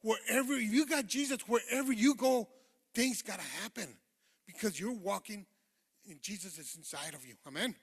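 A man giving his testimony as a sermon, earnest, dropping quiet and then rising loud. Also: sits high, normal speed, breathy edge. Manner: earnest, swings from hushed to loud. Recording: long hall reverb.

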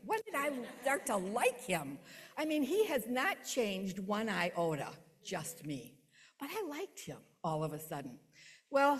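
A middle-aged woman tells her faith testimony with plain earnestness. Her voice dips low and hushed at times, then rises to an emphatic pitch, and it rings with a long reverb as if in a large hall. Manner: earnest storytelling, swings between hushed and emphatic. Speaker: testimony speaker.

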